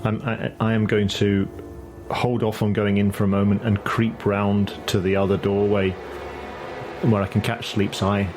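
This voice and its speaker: A man playing a tabletop game, talking haltingly with many restarts. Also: lowish voice, flat delivery. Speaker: player. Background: background music.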